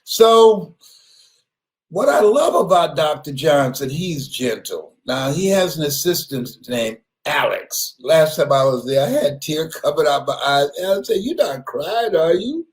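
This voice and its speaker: A man giving an animated motivational speech, often laughing, repeating words and bursting into shouts. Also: fairly high pitch, a little slow. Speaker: motivational speaker.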